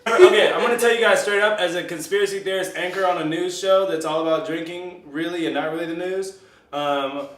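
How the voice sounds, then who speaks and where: A man with a high, fairly bright voice talks fairly quickly as anchor and bartender on a comedic mock-news show, rambling, swearing loosely, and joking while he mixes drinks at a bar. The recording sounds roomy, with a distant mic and faint noise.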